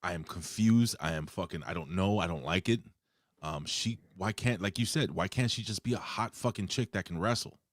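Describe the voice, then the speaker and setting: A man, co-hosting a casual podcast and telling stories in an animated, profane way. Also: low-pitched, normal speed, no room sound, studio quality. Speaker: podcast co-host. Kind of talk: casual chat.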